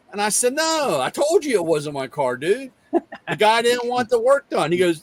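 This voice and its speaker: Telling a rambling garage story, a middle-aged man hosting a casual talk voices both people in the exchange, retelling it with lively quoted dialogue. He sits high in pitch and speaks at normal speed.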